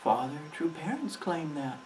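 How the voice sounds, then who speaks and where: A man's voice: a little high, very animated, moderate pace, darkish tone, distant mic, slight background noise, low-quality recording. A man co-hosting a reaction show, speaking in a defiant way with the emphasis of a preacher. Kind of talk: casual commentary reacting to a sermon.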